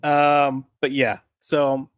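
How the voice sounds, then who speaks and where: A man's voice: mid-range voice, little pitch movement, drawn-out words, smooth, dry recording, clean studio sound. A man co-hosting a casual comic review chat, sarcastic and mocking as he talks.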